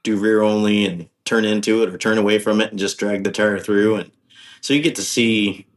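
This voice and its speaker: A man's voice: lowish voice, steady tone, fairly quick. A man guesting on a podcast, talking casually in a rambling, hesitant way with many ums and restarts. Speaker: podcast guest, off-road driver.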